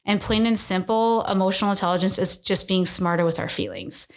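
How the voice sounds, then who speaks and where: A woman's voice: medium pitch, a little fast. A woman in her thirties, a podcast guest, explains things earnestly in a casual interview and often checks in with "right?".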